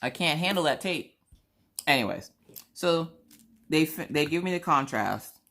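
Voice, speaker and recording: Woman, mixed Southern accent, bright voice, casual storytelling, acts out other people. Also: sits low, lively intonation, unhurried. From South Carolina. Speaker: craft vlogger.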